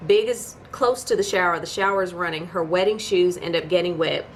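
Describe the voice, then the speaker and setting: A woman with a slightly low voice walks through a TV episode in a casual, chatty recap. She tells the story conversationally and breaks in with incredulous asides. A faint hiss sits under her voice. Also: a little fast. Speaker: YouTube TV reviewer.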